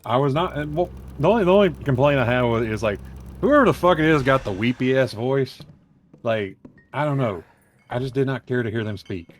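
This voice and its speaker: A man's voice: medium pitch, animated, a little fast, faint music behind. A man co-hosting a casual chat, rambling through stories with lots of swearing and filler. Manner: profane, rambling storyteller who acts out quotes.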